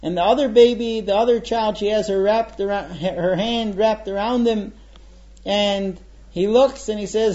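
A man teaching a lesson by retelling a story, animated and acting out dramatic quotes. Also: high-pitched, a little slow, highs cut off. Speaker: religious teacher.

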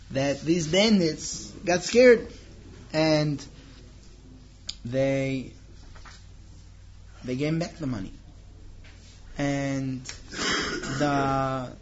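Male storyteller, higher voice, acts out the lines, slightly muffled recording. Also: slight background noise. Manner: animated, acts out the characters' lines. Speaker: storyteller and teacher. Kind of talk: informal storytelling lesson.

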